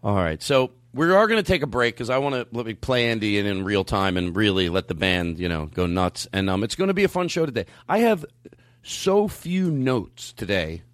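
A man hosting a comedy podcast in a studio with a live band, amped up on coffee, animated and swearing freely as he slips in and out of joke voices. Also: on the low side, moderate pace, dry recording. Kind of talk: loose comedic banter.

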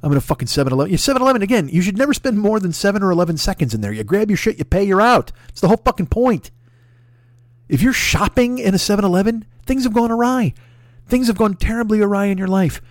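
A man telling a rambling comic story, profane and animated, acting out other people's voices. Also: high voice, quick pace, no room sound, clean studio sound. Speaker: comedy podcast host.

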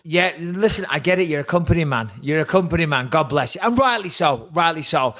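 Animated, teasing podcast host man. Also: a little high, a little fast. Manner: animated, teasing, talks with emphatic repetition. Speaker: podcast co-host and fight pundit. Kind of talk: casual podcast chat.

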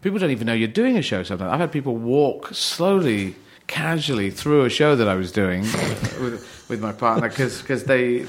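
A man's voice: medium pitch, expressive, fairly quick, hardly any pauses. A middle-aged man from England, a comedian in casual podcast chat, rambling and laughing as he talks, restarting his sentences often. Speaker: comedian guest.

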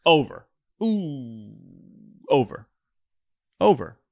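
A man's voice: on the high side, very animated, very slow, creaky, darkish tone, dry recording. A man co-hosting a baseball podcast in casual chat, joking, reading listener emails, often restarting sentences. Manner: chatty, jokey, many restarts. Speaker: podcast co-host.

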